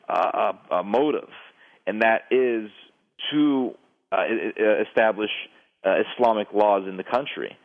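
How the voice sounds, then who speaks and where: A man giving a lecturing explanation as a guest on a radio show, often stammering and restarting his sentences. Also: fairly low pitch. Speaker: guest expert on terrorism. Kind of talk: radio phone interview. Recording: tinny phone line.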